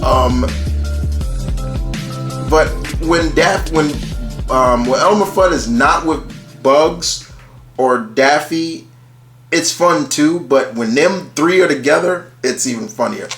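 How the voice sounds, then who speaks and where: A man's voice: a little high, slow, pauses often, a bit bright, reverberant, faint music behind. A man casually talking through a ranked list of favourite cartoon characters, rambling and restarting often, with casual swearing. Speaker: channel host ranking cartoon characters.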